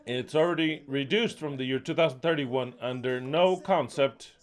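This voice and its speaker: An angry preacher drives a fiery sermon. He swears freely and raises his voice to curse, speaking at a middle pitch in a plain, unremarkable tone. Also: normal speed. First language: Spanish. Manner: fiery and profane, cursing loudly. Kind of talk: impassioned sermon.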